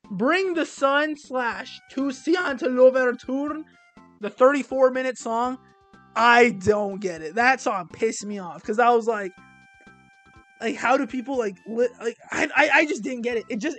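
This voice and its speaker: A young man talking casually as he ranks albums, rambling and self-deprecating, with many halting restarts. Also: very high voice, a bit bright, soft background music. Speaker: music reviewer. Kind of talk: casual album ranking monologue.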